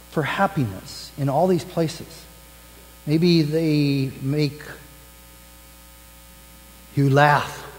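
A man as pastor giving the children's message in church, gently asking the kids questions. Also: fairly high pitch, in a large hall, poor audio. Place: church sanctuary.

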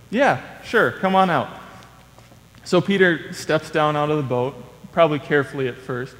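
A young man preaching a sermon with a slightly high voice, telling stories in a relaxed, conversational way and acting out lively quotes. His voice carries a long reverb, as in a large hall. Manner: conversational storytelling with playful acted quotes.

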